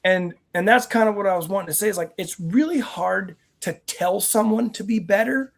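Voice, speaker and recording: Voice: mid-range voice, normal speed, vocal fry. A guest on a veterans' talk show telling stories in an earnest, rambling way with many restarts. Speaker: guest, nonprofit team member. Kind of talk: conversational interview answers.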